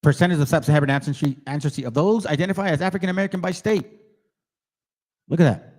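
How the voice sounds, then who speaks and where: This channel host talks fast in a slightly high, somewhat mellow voice. He delivers combative takes on religion, taunting and challenging his viewers directly, with passages read aloud in between.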